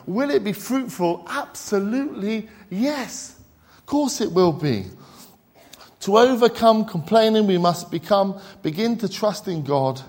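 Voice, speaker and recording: A man preaching a sermon in an earnest, searching way. His voice sits high for a man, and he keeps turning to the congregation with questions. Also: a little mellow. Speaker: pastor.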